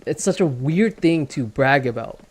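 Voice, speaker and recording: Male streamer, mid pitch, blunt off-the-cuff gaming chatter with lots of stumbles. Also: lively intonation, moderate pace, husky. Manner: rambling, stammering restarts and repeated words; blunt, swears casually. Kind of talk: casual commentary while gaming.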